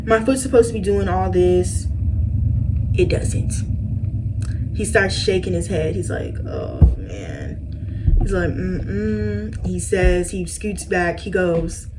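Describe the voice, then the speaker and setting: A woman's voice: lowish voice, noisy background. A woman vlogger in a casual story time, chatty and dramatic as she talks straight to her viewers.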